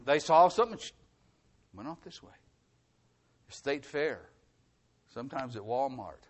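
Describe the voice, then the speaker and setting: A middle-aged pastor delivers a sermon, driving his points home through repetition and shifting between loud emphasis and soft, hushed stretches. His voice sits in the mid-range, expressive and a little slow.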